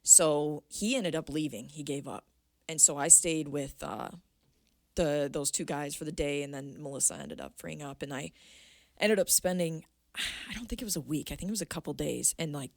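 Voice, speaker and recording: Young woman guest, low voice, dry close sound, lively storyteller who swears. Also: normal speed, gravelly, dry recording. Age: 20s. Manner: animated, acts out quoted voices, swears freely. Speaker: podcast guest. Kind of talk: casual storytelling.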